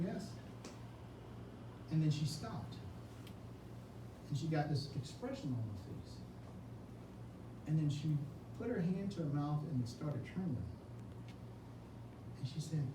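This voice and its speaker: A man's voice: on the high side, lively intonation, unhurried, long pauses. A man giving an earnest, emotional campaign speech at an indoor reception, telling a personal story. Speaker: Senate candidate. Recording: echoey room, mic far off, noisy.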